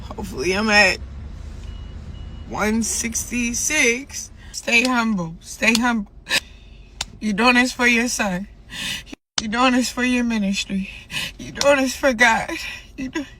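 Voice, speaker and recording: Tearful high-voiced woman talking to herself. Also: background noise. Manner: halting, emotional, talking to herself. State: tearful, breaking into crying. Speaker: boxer filming herself. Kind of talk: personal video diary.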